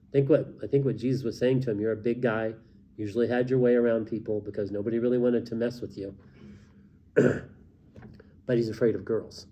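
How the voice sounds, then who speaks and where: A man's voice: mid-range voice, fairly even intonation, a little fast, warm tone, a little hiss or hum. A man co-hosting a casual faith discussion, talking in loose rambling sentences with frequent restarts. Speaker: co-host.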